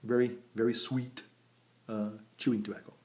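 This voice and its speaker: Brief: man in his fifties, a priest who rambles through folksy stories and chuckles at himself, medium-pitched voice, outdoors by a vineyard. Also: flat delivery, moderate pace, darkish tone. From United States. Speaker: priest and pipe vlogger. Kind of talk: casual storytelling vlog.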